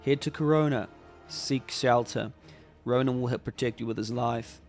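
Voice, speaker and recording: A man's voice: medium pitch, steady tone, normal speed, darkish tone, soft background music, close to an everyday voice. A man voicing a proud, defiant king who gives solemn commands.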